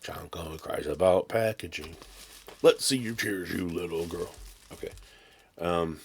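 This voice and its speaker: Deep-voiced man, sarcastic rambling vlog. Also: measured pace, a little hiss or hum. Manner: sarcastic, rambling, mock-ranting. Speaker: channel host. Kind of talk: casual unboxing vlog. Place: home desk with camera and laptop.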